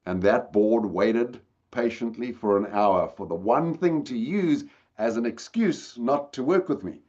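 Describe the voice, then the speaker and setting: A middle-aged man giving a storytelling talk, swinging between loud and hushed delivery. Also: mid-range voice, animated, measured pace, highs cut off. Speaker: speaker.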